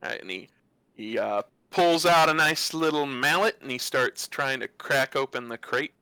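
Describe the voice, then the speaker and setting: A man running a tabletop game as dungeon master, narrating scenes with a laugh and quick voices for the characters. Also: medium pitch, bright, forceful tone, clean tone, no echo, rough recording.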